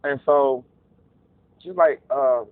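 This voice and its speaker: A man telling a casual, profane story, animated and acting out voices in quotes. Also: mid-range voice, slow, no room sound. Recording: narrow phone-like dry sound.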